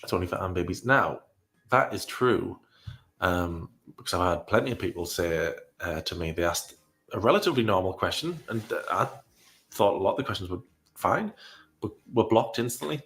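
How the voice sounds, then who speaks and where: Male commentator, low voice, rambling reaction talk, wry and sighing. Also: lively intonation, moderate pace, a bit bright. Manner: rambling, self-deprecating, frequent ums and sighs.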